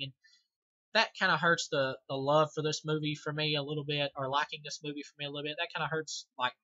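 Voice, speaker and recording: A man's voice: a little high, bright, forceful tone, no room sound, lo-fi sound. A man giving a casual, rambling film review, full of fillers, restarts and offhand swearing.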